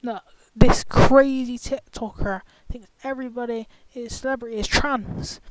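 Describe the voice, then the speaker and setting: A woman's voice: a little high, fairly even intonation, a little slow, no echo. A woman ranting in an angry, profane, confrontational vlog commentary. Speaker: vlogger. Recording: clicky, glitchy, noisy screen-recorder audio.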